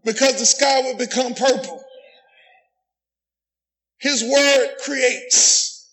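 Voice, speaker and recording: A middle-aged man preaches in a strikingly high voice. His tone is bright and forceful. He often rises to a shout and calls on the congregation to say amen. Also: takes it slowly, rough recording. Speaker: pastor. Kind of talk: sermon.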